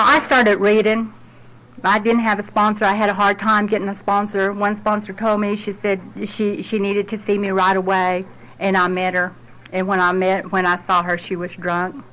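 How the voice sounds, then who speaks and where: A woman's voice: mid-range voice, fairly bright tone, slight background noise, low-quality recording. A middle-aged woman, giving a heartfelt personal testimony at a support group meeting in a plain, down-to-earth way.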